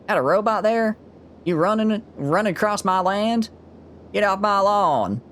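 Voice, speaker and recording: A man's voice: sits high, lively intonation, measured pace, fairly bright tone, pitched above the performer's own voice. A man voicing an indignant male paladin who speaks in an exaggerated Southern US drawl and sounds huffy and put-upon.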